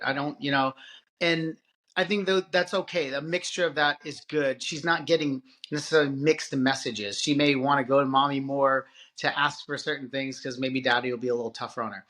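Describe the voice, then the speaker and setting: A man co-hosting a parenting podcast, talking casually and in an animated way, often restarting his sentences. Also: mid-range voice. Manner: animated, halting with restarts and filler. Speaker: podcast co-host. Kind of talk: casual conversation.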